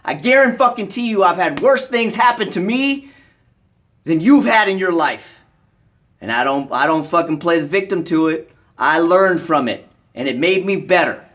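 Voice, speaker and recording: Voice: mid-range voice, animated, unhurried. Profane, scolding American vlogger. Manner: profane, blunt, scolding, bursts of shouting. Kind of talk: angry rant to camera.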